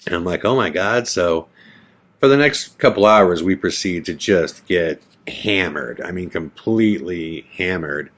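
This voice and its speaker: A man with a deep, low voice telling a personal story on a podcast in loose, casual talk. He acts out what he said back then and swears now and then. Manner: animated storyteller, acts out his own past lines, swears casually.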